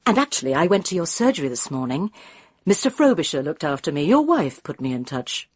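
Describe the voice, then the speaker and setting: A woman's voice: low-pitched, sing-song, brisk, slightly rough, no room sound, clean studio sound, exaggerated voice. A woman voicing a tactful, tentative middle-aged woman in an audiobook.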